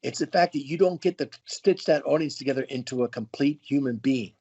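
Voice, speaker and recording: A man's voice: mid-range voice, brisk, dark tone, husky, lo-fi sound. A man, a veteran stand-up comedian, chatting reflectively as a guest in an interview. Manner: reflective, loose and conversational. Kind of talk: casual interview chat.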